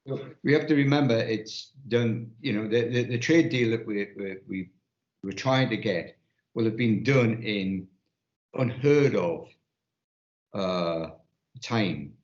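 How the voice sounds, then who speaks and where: Rambling man in a roomy room. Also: lowish voice. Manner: rambling, halting, many restarts. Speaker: podcast panelist. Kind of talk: casual panel chat. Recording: muffled audio in a roomy space.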